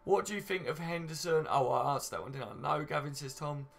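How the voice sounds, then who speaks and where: A man's voice: fairly high pitch, a little fast, creaky, fairly bright tone. A man hosting a casual live stream, chatting and reading out viewer comments with easy banter. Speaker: fan channel host.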